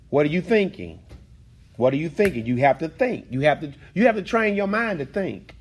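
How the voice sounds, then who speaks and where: Male Bible study leader, lively teacher's delivery, calls on the group, slightly higher pitch. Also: moderate pace. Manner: animated, repeats phrases, calls on students.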